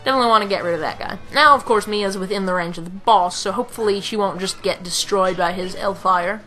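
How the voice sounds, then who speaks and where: Young woman, casual game commentary, bright clear voice, faint game music behind. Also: medium pitch, fast talker. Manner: chatty, reads game lines in put-on voices. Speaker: let's play commentator. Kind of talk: casual game commentary with dialogue read aloud.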